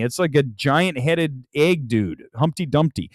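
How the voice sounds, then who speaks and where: A man hosting a movie talk livestream, ranting about films with loud outbursts and low mutters. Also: lively intonation, measured pace, dry recording, studio quality. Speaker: film critic show host. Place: home room with film boxes and jerseys.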